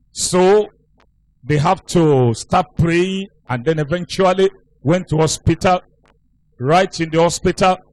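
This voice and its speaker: High-voiced male pastor telling a story. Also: no echo, rough recording. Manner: storytelling, emphatic. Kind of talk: sermon.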